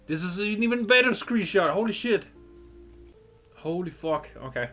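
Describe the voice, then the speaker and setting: Young male let's-play host, excitable outbursts, swears freely, soft music under him. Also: sits high, moderate pace, pauses often. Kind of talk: casual game commentary.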